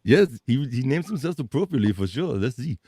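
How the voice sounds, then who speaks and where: A man's voice: mid-range voice, sing-song, brisk, mellow, breathy edge, no echo, studio quality. A man with an American accent hosting a casual livestream, reading viewer comments and ranting with profanity and jokes. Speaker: livestream podcast host.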